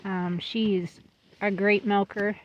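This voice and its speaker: A woman's voice: mid-range voice, level tone, slow pace. A woman giving a casual vlog tour of her goat pen, chatting fondly and now and then talking to her goats. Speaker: goat breeder. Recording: slightly dull lo-fi sound.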